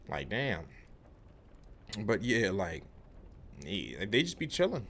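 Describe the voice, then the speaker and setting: A man's voice: low-pitched, a little fast, fairly bright tone, slight background noise. A young man telling a rambling, casual vlog story about his work day, full of slang and restarts. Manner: rambling, lots of fillers and restarts, laid-back slang. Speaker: vlogger, electrical apprentice.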